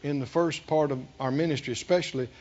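A man's voice: on the high side, fairly even intonation, quick pace, a little mellow, muffled recording. An older man preaching a sermon, with a drawling delivery and frequent chuckles.

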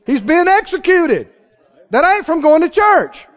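A man preaching a sermon who swings between quiet asides and shouted exclamations, asking the congregation question after question. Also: extremely high pitch, big pitch swings, measured pace, a faint crowd. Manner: fires rhetorical questions at the congregation. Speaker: pastor. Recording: dull lo-fi recording.

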